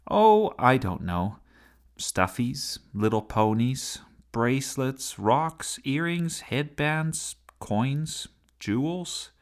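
A man voicing a bossy, imaginative young girl in a children's storybook reading, his voice raised high. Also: sing-song, very slow, exaggerated voice. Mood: chatty.

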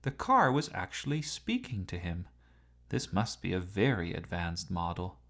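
A man narrating a storybook with an expressive reading style. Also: deep voice, measured pace.

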